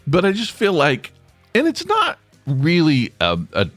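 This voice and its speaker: A man's voice: fairly high pitch, huge pitch swings, measured pace, a bit bright, no echo, faint music behind. A man hosting his own podcast from a small home studio, talking in a rambling, self-deprecating way with lots of restarts. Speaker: podcast host. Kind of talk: rambling solo podcast chat.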